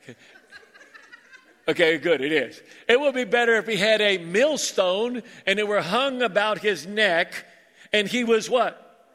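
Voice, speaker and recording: A male pastor preaching a sermon, animated and joking with his congregation. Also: high-pitched, a little slow. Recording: reverberant church hall.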